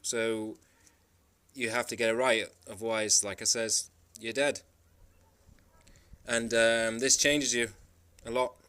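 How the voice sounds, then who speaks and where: Manx guy rambling thru travel stories, smooth resonant voice, keeps restarting to make his point. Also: mid-range voice, fairly even intonation, takes it slowly, pushed and bright. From Isle of Man. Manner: rambling, emphatic storytelling with frequent restarts. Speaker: travel vlogger. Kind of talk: casual monologue.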